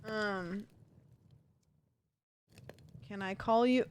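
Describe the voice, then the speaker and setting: A woman's voice: mid-range voice, extremely slow, clear, resonant tone. A young adult woman streamer chatting casually during gameplay, goofy and joking with rambling asides. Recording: noisy game stream audio.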